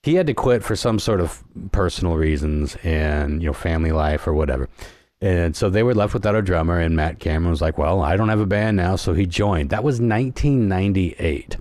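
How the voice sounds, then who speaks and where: A man's voice: low voice, animated, brisk, darkish tone, no room sound, studio quality. A middle-aged man hosting a podcast, telling stories in a rambling, laid-back way. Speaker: podcast host. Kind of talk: casual chat.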